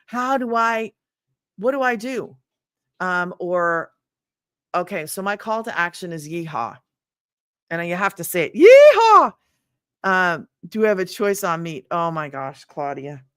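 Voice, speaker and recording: A woman's voice: lowish voice, a little slow, a bit bright, clean tone, no echo, studio quality. Bubbly woman live-streaming. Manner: bubbly, laughs often, talks straight to viewers. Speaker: livestream host. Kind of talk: casual livestream chat. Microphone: phone.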